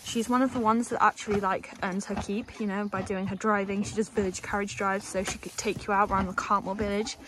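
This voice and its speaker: A woman's voice: medium pitch, level tone, brisk, few pauses, background noise. A young woman, casually chatting as she gives a walking tour of a horse yard. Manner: chatty, rambling, coos at the animals. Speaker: stable staff member giving a tour.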